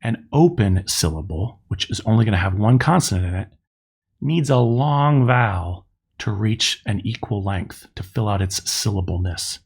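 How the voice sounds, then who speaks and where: A middle-aged man gives a recorded classroom lecture, breaking ideas into small steps and pausing over each sound. His voice sits low and carries a gravelly fry. There is a husky edge to his tone. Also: animated. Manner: slow, methodical explaining, spelling out sounds. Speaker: teacher.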